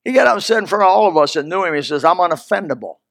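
High-pitched male preacher, folksy storyteller, bursts of loud emphasis. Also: animated, racing, vocal fry, no echo, clean studio sound. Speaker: pastor. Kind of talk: sermon.

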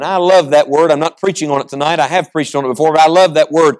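A middle-aged male pastor preaching a sermon, reading scripture slowly and then pressing his points with rising intensity. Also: a little high, darkish tone.

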